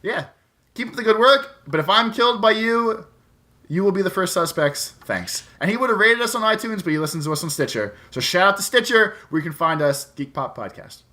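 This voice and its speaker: A man's voice: high voice, animated, a little fast, pushed and bright. A man in his thirties co-hosting a podcast, chatting casually with joking, profane banter. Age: 30s. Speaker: podcast co-host.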